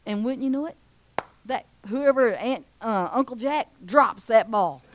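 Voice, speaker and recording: A woman, preaching and telling a story with lively acted-out voices of a cheering crowd. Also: unhurried, slight background noise. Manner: animated, acts out cheering crowds in a high voice. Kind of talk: sermon storytelling.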